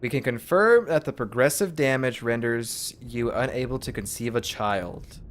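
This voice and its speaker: A man's voice: medium pitch, normal speed, a little hiss or hum. A man streaming a game, casually reading its text aloud in his own voice with asides.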